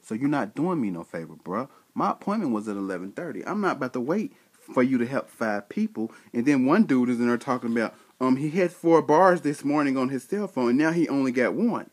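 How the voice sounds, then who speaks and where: A man's voice: medium pitch, expressive, brisk. A man telling a story in a casual vlog rant, exasperated and slangy, acting out bits of dialogue. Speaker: vlogger.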